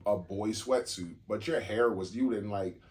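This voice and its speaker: A man's voice: lowish voice, moderate pace, darkish tone. A middle-aged man, co-hosting a casual couple podcast, laid-back and often laughing, repeating himself. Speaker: podcast co-host.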